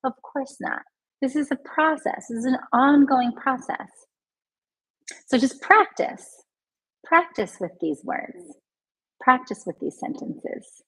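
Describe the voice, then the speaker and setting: Breathy woman coaching emotional healing. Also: high-pitched, expressive, rough recording. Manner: gentle, repeats healing phrases slowly; talks straight to viewers, reads their comments aloud. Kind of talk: live online healing lesson.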